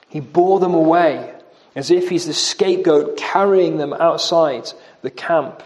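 A man preaching an expository sermon, slowing down to stress quoted scripture and repeating key words for emphasis. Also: on the high side, a little mellow.

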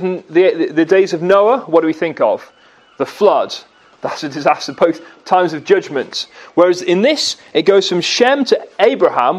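A high-pitched man delivers a sermon from the pulpit. He works through scripture, stopping to put questions to his listeners. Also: lo-fi sound. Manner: teaching, asks the congregation questions. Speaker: preacher.

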